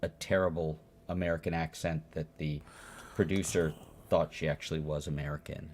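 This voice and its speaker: Low-voiced man, dry deadpan banter. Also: a little hiss or hum. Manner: dry, deadpan, halting with fillers. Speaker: podcast co-host. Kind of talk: casual chat.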